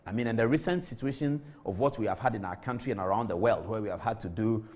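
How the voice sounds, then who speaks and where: A middle-aged Ghanaian TV talk-show host speaks quickly in a fairly low, slightly mellow voice. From the studio, he gives emphatic commentary on the news, repeating words for effect.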